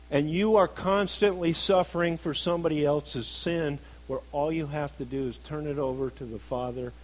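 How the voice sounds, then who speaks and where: A middle-aged man preaching a sermon, earnest, moving between emphatic stresses and soft, reflective passages. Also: on the high side, low-quality recording.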